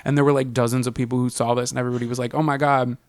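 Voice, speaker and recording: A man spins a story on a podcast in a loose, joking, profane way. His voice sits at a medium pitch. The sound is dry and close, with no room echo. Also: little pitch movement, rapid-fire, darkish tone. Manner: profane, jokey, playful storyteller. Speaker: podcast co-host. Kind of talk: casual storytelling chat.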